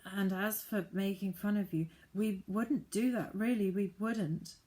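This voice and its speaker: Brave, polite young boy, read by a woman narrator; earnest, unhurried. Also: medium pitch, mellow, voice pushed up, natural voice. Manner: earnest and respectful.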